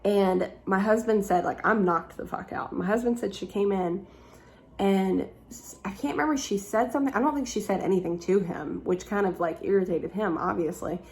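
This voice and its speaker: A woman's voice: medium pitch, moderate pace, a little mellow. A young woman vlogger telling a story in a casual, chatty way, full of "like" fillers and the odd swear word.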